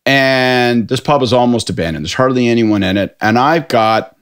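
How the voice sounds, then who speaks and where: A man from Canada, a political commentator telling a profane, animated story on a podcast panel. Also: mid-range voice, moderate pace, clear, resonant tone. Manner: animated, profane storytelling with lots of put-on voices. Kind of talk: casual anecdote on a podcast panel.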